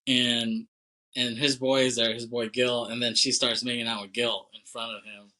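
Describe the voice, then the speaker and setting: In a low-quality recording, a young man with a medium-pitched, level, pushed and bright voice speaks at a moderate pace as a podcast co-host. He loosely recaps a movie's plot with plenty of profanity, laughing as he performs the characters' lines.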